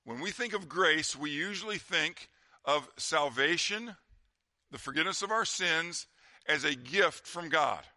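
Man, pastor, sermon delivery; slightly high, very bright voice, conversational with quiet emphasis. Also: animated, measured pace, no echo, studio quality.

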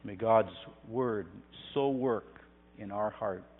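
A man preaching a sermon, building from quiet, hushed phrases to loud, swelling passages. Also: fairly low pitch, takes it slowly. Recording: tinny phone-like sound in a reverberant hall with hum.

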